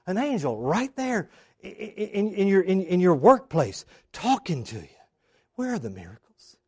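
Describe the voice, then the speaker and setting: A man preaching a sermon, acting out the people in the story with big swings in loudness and emphasis. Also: moderate pace, slightly rough. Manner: animated, acts out quoted voices with big swings in pitch and loudness. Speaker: pastor.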